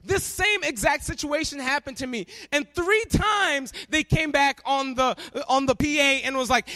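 High, bright-voiced male preacher. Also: a little fast, hardly any pauses. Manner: animated storytelling, acting out characters. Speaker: pastor. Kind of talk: sermon.

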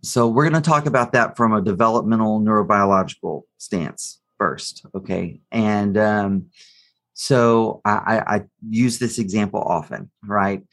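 A man's voice: lowish voice, measured pace, fairly bright tone. A man answering as an expert guest in an interview, explaining psychology through a story he tells step by step. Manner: storytelling, acts out the quotes of the figures in the story.

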